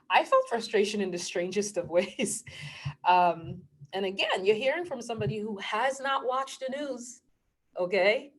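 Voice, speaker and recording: A middle-aged woman vlogger talking casually about spiritual matters, earnest and emotional, often laughing mid-sentence and sometimes dropping to a hushed near-whisper. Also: mid-range voice, animated, moderate pace, slight background noise. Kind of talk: casual spiritual talk to camera.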